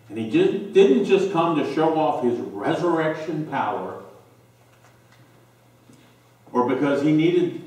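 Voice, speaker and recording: A male pastor preaching a sermon, slow and emphatic with dramatic pauses, recorded in a church sanctuary. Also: mid-range voice, a little mellow. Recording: very echoey church from a distance.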